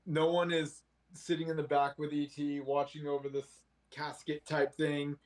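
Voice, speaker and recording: A man hosting a casual movie discussion podcast, animated and laughing often. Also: fairly high pitch, moderate pace. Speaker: podcast host.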